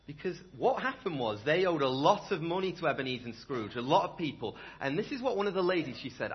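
A young man preaching a sermon in a church, conversational and animated, often asking the room rhetorical questions. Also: a little high, quick pace, few pauses, husky, lo-fi sound. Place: church hall.

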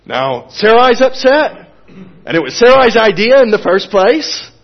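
A man preaching a sermon in an earnest, expressive way, moving from emphatic to hushed. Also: sits high, measured pace, vocal fry, highs cut off.

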